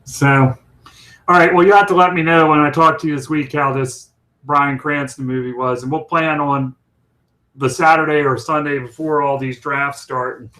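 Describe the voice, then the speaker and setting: A man's voice: a little high, fairly even intonation, moderate pace, sharp tone, rough recording. A man co-hosting a casual chat show, talking in a rambling, chatty way. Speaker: co-host.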